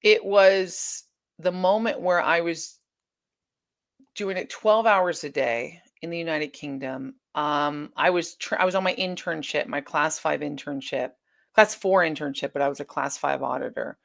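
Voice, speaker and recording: A woman speaks as a guest in a candid interview, her voice pitched slightly low. She is earnest and intense, often voicing her own past thoughts as she goes. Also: a little slow, gravelly. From United States.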